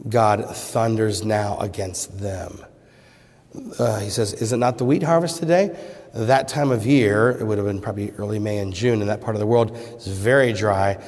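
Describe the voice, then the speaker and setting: A man preaching a sermon, pressing rhetorical questions and then dropping to hushed pleas. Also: lowish voice, steady tone, moderate pace. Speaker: pastor. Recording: long reverb of a large hall.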